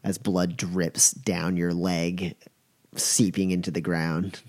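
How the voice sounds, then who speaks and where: A man's voice: deep voice, level tone, slow pace, darkish tone. A young man narrating a tabletop game as game master, rambling with lots of fillers. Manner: rambling with many fillers, chuckling.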